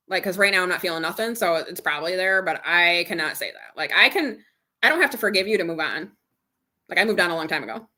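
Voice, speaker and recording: A middle-aged woman who hosts her own channel recounts an argument during a relaxed live chat, quoting what each side said. She is candid, and her voice is medium-pitched with a sharp edge.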